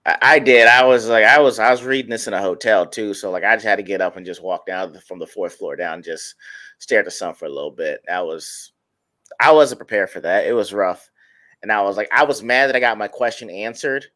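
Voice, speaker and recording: A man's voice: fairly low pitch, a little fast, bright, forceful tone. A man on a discussion panel, talking emphatically and colloquially as he tells a story.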